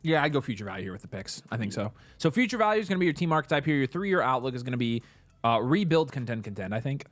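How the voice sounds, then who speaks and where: A man hosting a relaxed livestream, loose and joking, who reads the chat and thanks viewers as he goes. His voice sits in the middle of the male range. The sound is close and dry, with no room echo. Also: medium pitch, very fast, soft background music. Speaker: livestream co-host.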